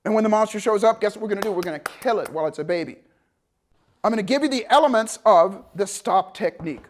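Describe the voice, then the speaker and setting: A man teaching a motivational seminar, telling a story with lively acted-out dialogue and swings between loud bursts and hushed, calm passages. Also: high voice, quick pace. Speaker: motivational coach.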